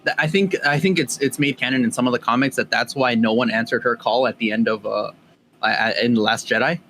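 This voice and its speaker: A young man co-hosting a podcast in casual chat, halting and stumbling, with the odd curse. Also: medium pitch, bright, forceful tone, a little hiss or hum. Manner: halting, many fillers and restarts, swears. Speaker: podcast co-host.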